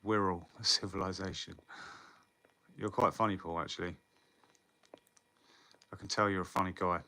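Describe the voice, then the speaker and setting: A man talks loosely to his viewers, answering their comments and swearing freely. His voice sits a little low but comes across bright and forceful. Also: fairly even intonation, normal speed. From England. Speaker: livestreamer. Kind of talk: casual live chat with viewers.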